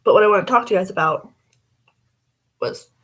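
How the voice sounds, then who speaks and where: A woman's voice: mid-range voice, brisk, fairly bright tone, rough recording. A young woman vlogging casually as she does her makeup, blunt and rambling, swearing freely.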